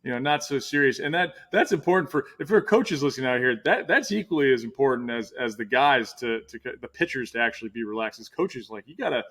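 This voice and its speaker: A man's voice: medium pitch, lively intonation, quick pace, hardly any pauses, a bit bright. A middle-aged man hosting a casual interview, talking in a rambling way with many restarts. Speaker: podcast host.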